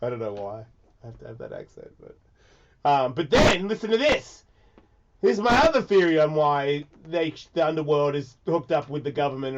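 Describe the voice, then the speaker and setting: A man hosts a radio show while sick, rambling and swearing as he drops to a mumble, then rises to a shout. His voice sits a bit high. The sound is dull and lo-fi. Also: big pitch swings, moderate pace, heavy background noise. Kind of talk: casual radio chat.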